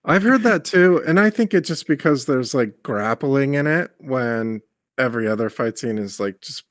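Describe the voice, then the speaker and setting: A male podcast co-host in casual movie-review chat. He is mid-pitched and animated, and he strings one thought into the next. The sound is dry, with no room echo. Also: moderate pace. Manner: animated, builds long run-on explanations.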